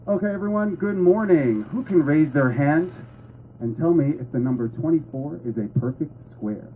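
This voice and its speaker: Brief: cheerful male teacher, raised pitch, slightly muffled recording played by a man. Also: lively intonation, moderate pace, slight background noise, natural voice. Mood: encouraging. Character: upbeat male classroom math teacher.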